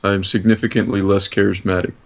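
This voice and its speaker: A man guesting on a podcast in casual chat, speaking in a deadpan monotone with a slight mumble. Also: fairly low pitch, fairly quick, a little hiss or hum.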